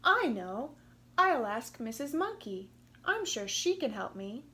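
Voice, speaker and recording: A woman voicing a gentle, sad mother kangaroo in a storybook reading, speaking in a pleading way. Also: a little high, very animated, takes it slowly, exaggerated voice. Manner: plaintive, pleading. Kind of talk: storybook read-aloud.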